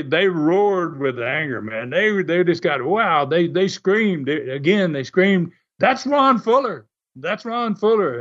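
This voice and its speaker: A man with a somewhat high voice tells stories in a loose, animated way, chuckling often as he goes. The audio is muffled and lo-fi. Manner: animated, laughs often, acts out quoted voices. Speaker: guest recounting wrestling TV history. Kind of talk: casual storytelling.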